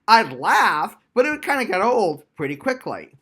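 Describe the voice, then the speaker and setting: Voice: mid-range voice, very animated, normal speed, hardly any pauses, a bit bright, husky. Chatty tabletop game reviewer. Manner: chatty and explanatory, with fillers. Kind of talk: casual video review.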